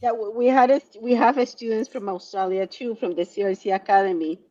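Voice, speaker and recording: A woman's voice: on the high side, steady tone, fairly quick, warm tone. A woman joining a casual chat from a car, shy and giggly, giving brief answers. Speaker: guest. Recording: dull lo-fi sound.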